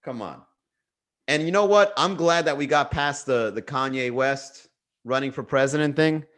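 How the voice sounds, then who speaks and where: A man's voice: mid-range voice, normal speed, a bit bright. Rambling jokey man hosting a livestream. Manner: rambling, jokey, reads viewer comments aloud. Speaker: livestream comedy host. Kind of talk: casual comedic livestream chat. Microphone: webcam or desk mic for a livestream.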